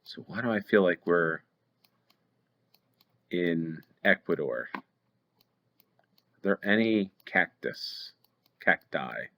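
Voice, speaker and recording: A man's voice: deep voice, expressive, takes it slowly, long pauses, bright, forceful tone. An American man hosting a play-along geography game, thinking aloud with hesitant ums as he weighs each guess. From United States. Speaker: game show host. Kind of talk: play-along gameplay commentary.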